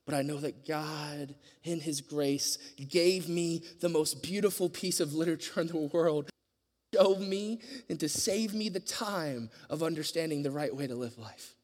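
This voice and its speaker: A man preaching a sermon, telling a personal story earnestly, his voice swinging from loud passages to hushed ones. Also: on the high side, normal speed, long reverb tail.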